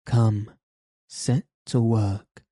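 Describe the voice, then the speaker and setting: A man's voice: lowish voice, fairly even intonation, drawn-out words, warm tone, dry recording, clean studio sound. A man reading a storybook and voicing a fierce, cruel male robber giant who barks harsh commands. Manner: harsh commanding threats, then desperate pleading.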